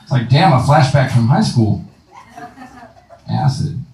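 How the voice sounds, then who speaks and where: In a medium-pitched voice with lively intonation, a man in his thirties delivers crude stand-up a little slowly to a live club audience. His punchlines are full of swearing and voiced asides, recorded from a distance in an echoey club with heavy background noise.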